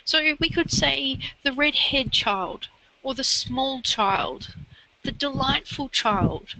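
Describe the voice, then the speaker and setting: A woman's voice: sits high, expressive, slow pace, sharp tone, low-quality recording. A woman tutoring a learner in literacy, explaining grammar step by step and encouraging them. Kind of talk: one-on-one literacy lesson.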